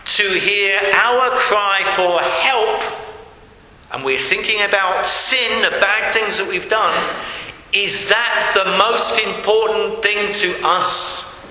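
A man with a high, strikingly bright voice delivers a sermon at an unhurried pace. He asks his listeners rhetorical questions again and again, and he acts out quoted cries. The sound is very echoey, with a long reverb tail, as if recorded in a large church. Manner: acts out quoted cries, shouting some and murmuring others. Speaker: preacher.

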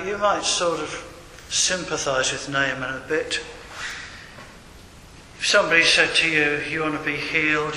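A man's voice: on the high side, pushed and bright. An older man preaching a sermon in a conversational manner, with wry digressions. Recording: echoey hall with faint room noise.

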